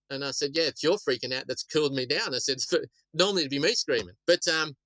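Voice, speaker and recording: A man's voice: a little high, fast talker, sharp tone, dry recording, rough recording. A middle-aged Australian man, a shark attack survivor, telling stories casually in a rambling way, often repeating words. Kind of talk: casual storytelling interview.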